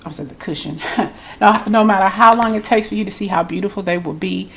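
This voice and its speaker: Speaking a little fast in a mid-range, congested voice, this woman reads tarot straight to her audience. Her spiritual reading is loose and talkative, and she says things more than once.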